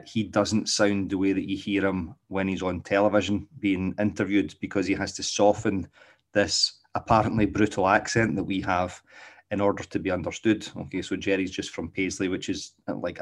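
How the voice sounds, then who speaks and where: Middle-aged Glaswegian man with a low voice, easygoing rambling delivery, a dog trainer. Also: level tone, normal speed. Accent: Glaswegian Scottish. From Scotland. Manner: rambling, often checks in with "okay?". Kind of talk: casual spoken monologue.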